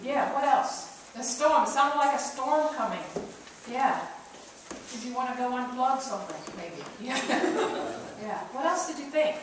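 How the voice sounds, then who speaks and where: A woman pastor leads her congregation in a playful, interactive sermon, teasing them into taking part. Her slightly high voice reaches the mic from a distance, washed in the heavy echo of the church. A clear layer of noise sits beneath it. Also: lively intonation, a little slow. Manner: playful, coaxing congregation to join in. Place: church sanctuary. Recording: echoey church recorded from far off, noisy.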